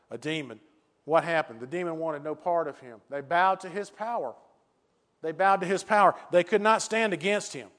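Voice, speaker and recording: A man's voice: fairly high pitch, fairly bright tone. An older man preaching a sermon with earnest, repetitive phrasing and many rhetorical questions.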